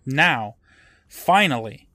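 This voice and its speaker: A man's voice: mid-range voice, lively intonation, drawn-out words, sharp tone, dry recording. Dry-voiced man recapping a show. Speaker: podcast co-host recapping an episode. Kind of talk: casual recap narration.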